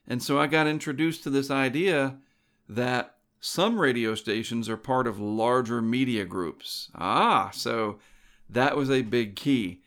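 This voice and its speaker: A man's voice: medium pitch, measured pace, fairly bright tone. Middle-aged man telling a rambling story. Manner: rambling and digressive, self-correcting. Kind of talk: casual personal storytelling.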